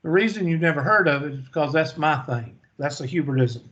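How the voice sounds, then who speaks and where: Folksy math teacher, slightly high voice. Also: male voice, lively intonation, fairly quick, fairly bright tone, muffled recording. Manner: folksy, storytelling, asks and answers own questions. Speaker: math instructor. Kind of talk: classroom math lecture.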